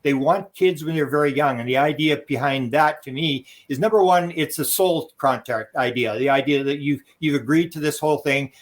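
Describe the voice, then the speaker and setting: A man's voice: fairly high pitch, moderate pace, few pauses. A man giving a rambling interview answer as a guest author, acting out quoted dialogue as he tells stories. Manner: rambling anecdotal telling, acts out quoted dialogue. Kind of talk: interview storytelling.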